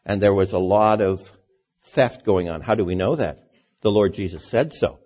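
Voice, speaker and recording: Mellow, husky-voiced male preacher. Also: lowish voice, moderate pace. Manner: conversational preaching with rhetorical questions. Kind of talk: sermon.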